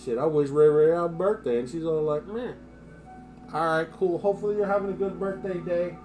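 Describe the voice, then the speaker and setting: A man's voice: on the high side, brisk, a little mellow, faint music behind. A man from the United States ranting his opinions in casual live-stream chat, swearing freely.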